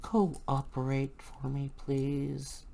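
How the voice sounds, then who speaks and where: A woman's voice: extremely low pitch, monotone, very slow, creaky, mellow, slight background noise. An older woman chatting casually and thinking aloud as she works through a craft tutorial. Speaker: crafting channel host.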